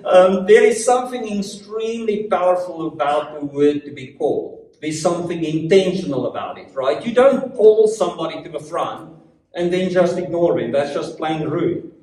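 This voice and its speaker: A man from Africa with an African accent, teaching a church Bible study in a lively, joking way full of rhetorical questions. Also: a little high, normal speed. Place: church meeting room. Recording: echoey room, voice from far off.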